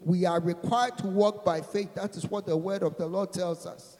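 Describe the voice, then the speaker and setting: A man with a very high voice preaches a fiery sermon. He builds to shouted peaks, then drops low, and leads the room in repeat-after-me lines. The sound carries a long hall reverb. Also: moderate pace, few pauses. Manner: leads call-and-response.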